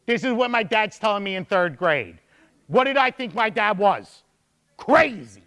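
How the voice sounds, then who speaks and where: A man's voice: sits high, a little slow. A young man giving a motivational speech to a room of students, telling stories with energy and repeating points for emphasis. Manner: energetic storytelling with emphatic repetition. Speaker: speaker addressing students.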